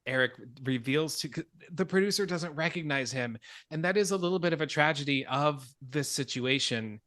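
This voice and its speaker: A man hosting a casual podcast, walking through a film's plot with animated storytelling. His voice is bright and forceful, recorded close and dry. He swears freely and laughs at himself. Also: a little high, moderate pace, no echo. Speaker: podcast host. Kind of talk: casual film discussion.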